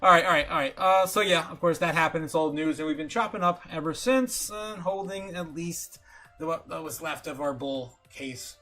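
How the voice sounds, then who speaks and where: A man hosting a casual livestream, talking excitably with lots of fillers and chuckles. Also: a little high, moderate pace, soft background music. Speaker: livestream host.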